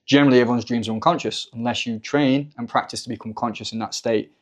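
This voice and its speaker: Male podcast guest with an even, flat delivery, musing at length in loose casual talk. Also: mid-range voice, quick pace. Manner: thoughtful, rambling with fillers. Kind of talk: casual spiritual discussion.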